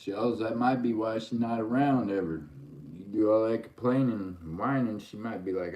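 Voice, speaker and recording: A man's voice: on the low side, moderate pace, darkish tone, lo-fi sound. A middle-aged man, hosting a livestream and teasing his chat in a joking, easygoing drawl. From Oklahoma. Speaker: livestream host.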